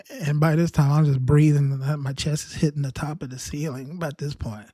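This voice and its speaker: A man's voice: on the high side, fairly even intonation, normal speed, few pauses, mellow, no echo, studio quality. A man telling a rambling, self-mocking comic story about his own experience. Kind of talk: humorous personal storytelling.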